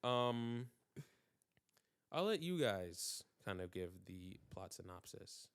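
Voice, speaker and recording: A man's voice: fairly low pitch, sing-song, slow, clean tone. A young man hosting a podcast in casual chat, blunt, teasing and profane. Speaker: podcast host.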